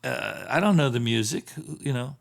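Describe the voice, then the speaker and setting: A man who is a session and touring bassist, a podcast guest telling stories from the road in a casual, animated way and acting out the dialogue. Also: moderate pace, gravelly. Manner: animated storyteller who acts out quoted dialogue. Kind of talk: casual storytelling in a podcast interview. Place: theatre space.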